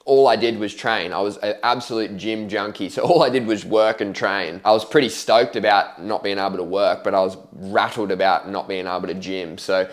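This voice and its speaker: Candid young man with a low voice. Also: fairly even intonation, normal speed, few pauses. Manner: candid, slangy, swears freely, acts out his own past reactions. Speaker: vlogger telling his life story. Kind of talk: casual storytelling to camera.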